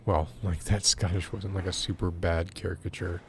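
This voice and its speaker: A soft-spoken man chatting casually and rambling while streaming a video game. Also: low voice, level tone, moderate pace, a little hiss or hum. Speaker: game streamer and ASMR creator. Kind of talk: casual livestream chat while gaming.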